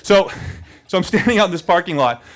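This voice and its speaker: A man telling a comic personal story on stage, his pitch leaping up and down as he gets into it. His voice sits a touch high, and he laughs his way through the telling with a loose, filler-heavy delivery. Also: animated, fairly quick. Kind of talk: live personal storytelling to an audience.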